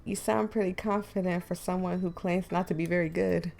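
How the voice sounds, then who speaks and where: Woman doing a flat-voiced teenage boy. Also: fairly low pitch, a little fast, creaky, faint music behind. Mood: dry. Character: plain teenage boy club member.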